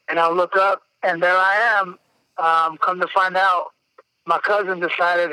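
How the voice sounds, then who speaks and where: Flat-voiced, bright podcast host. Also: male voice, sits high, normal speed, smooth, no echo, poor audio. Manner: blunt, profane and emotionally open. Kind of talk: candid personal storytelling.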